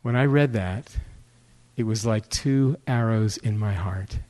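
A man preaching as a guest speaker, swinging between hushed moments and urgent pleas. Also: on the low side, takes it slowly, low-quality recording. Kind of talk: sermon.

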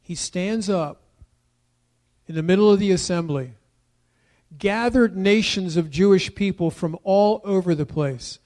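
A middle-aged man preaching a sermon, emphatic and building to loud declarations. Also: sits high, measured pace, pauses often. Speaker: pastor.

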